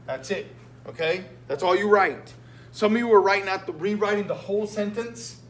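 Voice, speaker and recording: This recorded lesson has a Spanish teacher going over a written exam in a voice that sits high, at normal speed. He is patient and repetitive, asking "okay?" often. Echo and a faint hum fill the room.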